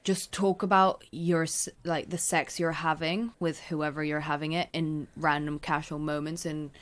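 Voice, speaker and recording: A woman's voice: low voice, moderate pace. A woman co-hosting a podcast, chatting casually and loosely, with lots of "like" and "sort of". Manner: relaxed, filler-heavy, says "like" and "sort of" often. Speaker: podcast co-host. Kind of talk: casual chat.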